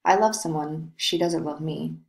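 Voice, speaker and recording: A woman reading the part of a brooding, lovesick young nobleman in a play, in a slow, dreamy way. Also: low voice, poor audio. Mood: wistful.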